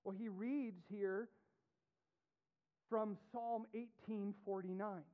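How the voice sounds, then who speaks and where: A male pastor preaching a sermon, reading scripture aloud with deliberate weight as his voice rises and drops sharply for emphasis. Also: high voice, fairly even intonation, clear, resonant tone. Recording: tinny, phone-like narrow sound.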